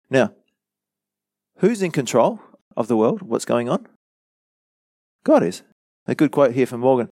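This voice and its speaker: Male preacher, lowish voice, dry close sound, earnest Bible teaching with questions to the congregation. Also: a little mellow, no room sound. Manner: earnest, explanatory, quotes commentators and asks the listeners questions. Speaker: pastor.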